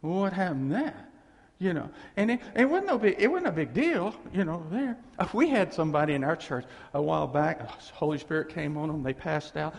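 A man's voice: a little high, expressive, a little fast, gravelly, hardly any pauses. A middle-aged man preaching as pastor, telling rambling, folksy stories with laughing asides, in a church sanctuary. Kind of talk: storytelling sermon. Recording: long reverb of a church hall.

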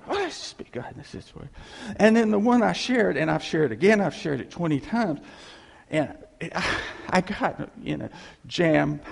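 A man preaching a sermon, telling stories in an animated way and acting out the voices of the people in them. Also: a little high, vocal fry, slightly rough, in a large hall. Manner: animated storytelling, acting out quoted voices with laughs.

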